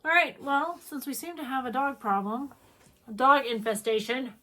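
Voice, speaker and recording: A middle-aged co-host from Wyoming, USA, speaks in a high voice at a normal pace on a laid-back stitching chat show. She's an animated storyteller, spinning tales between fits of giggles.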